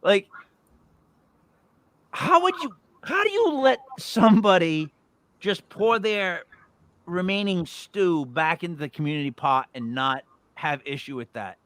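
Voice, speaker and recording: A man's voice: sits high, unhurried, pauses often, no room sound. A man co-hosting a casual podcast, telling stories and acting out what people said. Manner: animated storyteller, acts out quotes. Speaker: podcast co-host.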